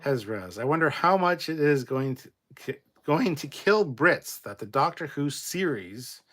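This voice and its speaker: A man hosting a casual livestream, reading viewer comments aloud and adding quick, swearing asides. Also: a little high, very animated, fairly bright tone. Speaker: livestream host reading chat.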